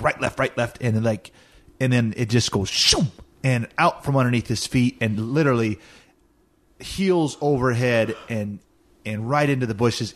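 A man's voice: mid-range voice, no room sound. A man who is a parent, casually recounting a family story in detail. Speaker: parent vlogger. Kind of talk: casual chat.

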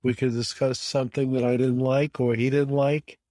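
A man's voice: mid-range voice, flat delivery, moderate pace, dark tone, no echo. An older man, a guest in an interview, telling anecdotes in an emphatic way and repeating words for stress. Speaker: bridge player guest.

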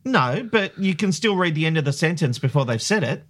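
A man's voice: a little high, a little fast. A man hosts a casual radio panel. He keeps the talk moving, bringing in survey numbers and asking his co-hosts in turn. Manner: lively, leads the discussion with survey figures. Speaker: radio host.

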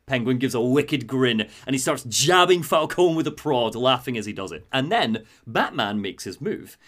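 A man's voice: medium pitch, lively intonation, moderate pace, few pauses, a bit bright. A man hosting a podcast, animatedly retelling a video game's story and laughing often. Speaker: host.

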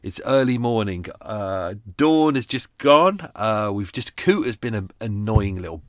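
A man with a London accent, a vlogger who lives on a boat, makes coffee aboard and chats casually, rambling, swearing and poking fun at himself. His voice is on the low side with big pitch swings, unhurried, and there's no echo.

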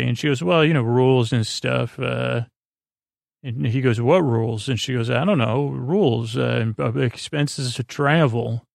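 A man with a gravelly, creaky voice retells a story in a flat, deadpan way, stumbling through fillers and "he goes, she goes." The sound is dry and close, with no room around it. He talks like a host easing listeners off to sleep. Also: mid-range voice, no room sound. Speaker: podcast host. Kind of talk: rambling episode recap for falling asleep.

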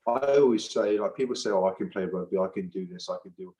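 A man's voice: low-pitched, fast, mellow, poor audio. A middle-aged man, a retired rugby forward, talking in an interview, emphatic and repeating phrases for force. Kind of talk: impassioned interview talk.

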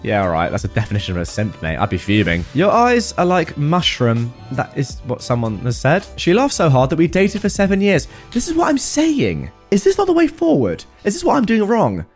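A man reading reddit posts aloud and adding wry comments, with faint music behind him. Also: on the low side. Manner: wry, animated commentary with frequent laughs. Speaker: reddit storytime host.

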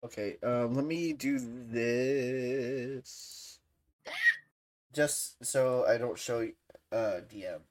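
Slow, halting speaker in casual stream chat. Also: mid-range voice, a little mellow. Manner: halting, filler-heavy, laughs often. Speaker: livestream podcast co-host.

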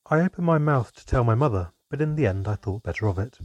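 A man narrating a fantasy storybook in an expressive, measured way. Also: medium pitch, no room sound, lo-fi sound.

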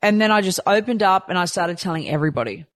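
A woman in her thirties telling her own story candidly, swinging between quiet, low moments and excited outbursts, with some swearing. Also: fast, no room sound. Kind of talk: personal storytelling to camera.

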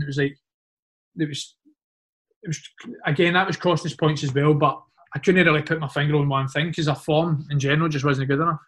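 In a casual storytelling chat, a Scottish man with a fairly high voice recounts dressing-room anecdotes in a loose, animated manner. He comes across as an ex-footballer catching up with a mate, using "mate" and "like" almost constantly.

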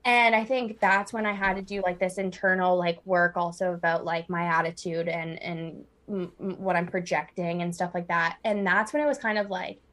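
A woman's voice: on the low side, steady tone, normal speed, hardly any pauses, fairly bright tone. A woman in her twenties, a podcast guest, talking in a rambling casual way with many fillers. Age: 20s. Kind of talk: casual chat.

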